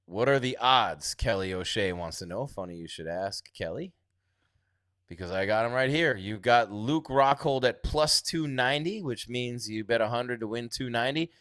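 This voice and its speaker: Recorded dry and at studio quality, a man with a mid-range voice casually hosts a live stream at a moderate pace. He reads chat comments aloud, talks about an upcoming fight, and sometimes fades off quietly.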